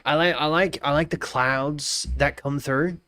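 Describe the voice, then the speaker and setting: Slow-talking Australian man streamer. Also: on the high side, steady tone, pushed and bright. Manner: greets chatters while thinking aloud, repeats phrases. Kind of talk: casual live-stream chat.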